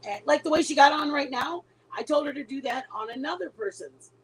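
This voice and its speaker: A middle-aged woman chats casually to her viewers, looping through a story with restarts and trailing asides. Her voice sits a little high. A faint hiss runs under the recording. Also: animated, fairly quick, low-quality recording. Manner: rambling, storytelling with many restarts. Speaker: livestream host.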